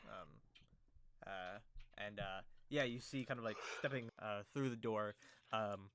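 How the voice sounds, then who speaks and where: A man's voice: fairly low pitch, moderate pace, a bit bright, a little hiss or hum. A man running a tabletop game as game master, narrating loosely with many fillers and hesitations.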